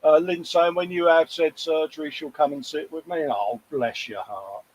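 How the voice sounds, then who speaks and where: A man's voice: a little high, normal speed, rough recording. A man chatting casually and jokily while co-hosting a hobby livestream, often mocking himself. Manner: chatty, jokey, self-mocking, breaks into quoted voices. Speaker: co-host of a model-building livestream. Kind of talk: casual chat.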